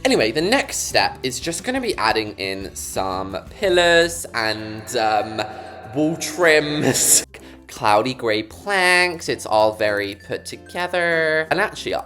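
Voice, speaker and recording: Lively chatty man, game commentary. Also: medium pitch. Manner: chatty, joking, talks straight to viewers. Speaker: gaming YouTuber. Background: background music.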